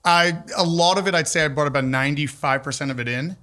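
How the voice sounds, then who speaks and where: Bright, animated male storyteller. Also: fairly high pitch, quick pace. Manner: animated storyteller, acts out quotes. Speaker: building owner. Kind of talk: live podcast chat. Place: large old building, live audience.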